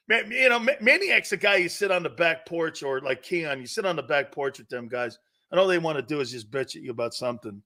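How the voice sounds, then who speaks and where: A man hosting a sports talk show, brash and excitable, laughing often as he needles his co-hosts. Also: fairly high pitch, normal speed. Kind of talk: loud opinionated sports radio talk.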